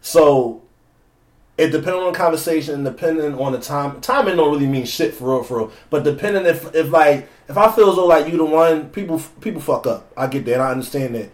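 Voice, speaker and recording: A man's voice: on the high side, a little fast. A young man co-hosting a casual podcast, talking loosely with lots of swearing. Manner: profane, loose, laughing. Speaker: podcast co-host. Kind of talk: casual chat. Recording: echoey room.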